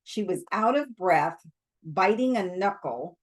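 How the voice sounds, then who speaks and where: A woman reading a novel aloud for an online audience, with relaxed, chatty asides. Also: lowish voice, takes it slowly. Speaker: storybook reader.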